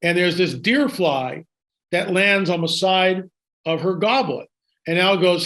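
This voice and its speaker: A man speaks high in his register as he recounts a story for an interviewer. He talks excitedly, doubling back and restarting his sentences as he goes. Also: measured pace. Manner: excited, with frequent restarts and asides. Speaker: guest.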